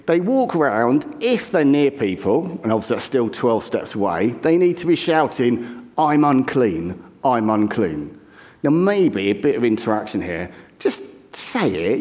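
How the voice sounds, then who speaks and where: A man delivers a chatty sermon to a congregation. His pitch swings widely as he acts out the voices in the story. His voice carries a long hall reverb. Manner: animated storytelling, acts out the crowd's reactions. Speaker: preacher. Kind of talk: conversational sermon.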